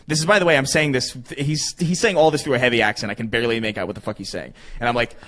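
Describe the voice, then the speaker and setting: A man's voice: medium pitch, fast, fairly bright tone. A young man telling a story in casual podcast chat, rambling with lots of fillers and swearing.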